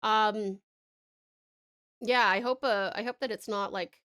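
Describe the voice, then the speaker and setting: A woman's voice: mid-range voice, steady tone, takes it slowly, a bit bright, clear, resonant tone. A young Australian woman with an Australian accent, chatting casually on a live stream, reading chat aloud and laughing often.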